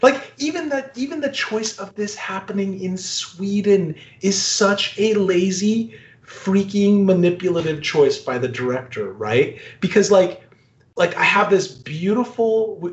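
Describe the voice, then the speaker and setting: A man's voice: high voice, unhurried. Ranting man in an echoey lo-fi recording. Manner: ranting, profane, laughing often. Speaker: podcast co-host. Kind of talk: casual movie review chat. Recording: echoey, dull lo-fi room sound.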